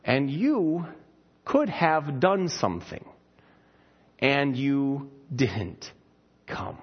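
A man acting out a grieving, weary woman who speaks quietly and haltingly. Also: mid-range voice, animated, breathy edge, highs cut off, exaggerated voice. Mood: hurt.

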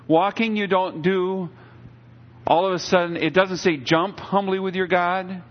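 A man's voice: high-pitched, slow pace, pauses often, muffled recording. A middle-aged man preaching a sermon as a pastor, in a conversational way, and acting out little quotes as he goes.

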